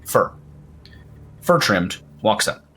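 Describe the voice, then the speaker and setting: A man's voice: drawn-out words, a bit bright, a little hiss or hum. A man narrating as game master of a tabletop game, loose and a little profane.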